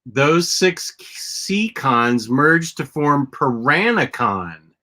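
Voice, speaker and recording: A man's voice: fairly high pitch, big pitch swings, extremely slow, bright, forceful tone. A man hosting a casual chat show, rambling with lots of restarts and fillers. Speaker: podcast host.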